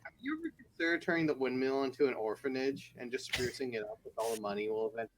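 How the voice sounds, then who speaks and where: Animated man bantering at the table. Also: mid-range voice, quick pace, background noise. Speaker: player. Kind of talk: casual tabletop game chat.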